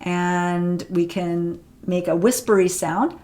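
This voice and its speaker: A woman leads a pronunciation lesson in a slow, deliberate way, pausing to demonstrate each sound and checking in with her viewers. Her voice sits a little low. She speaks indoors, close to the camera. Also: steady tone, darkish tone. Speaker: pronunciation teacher.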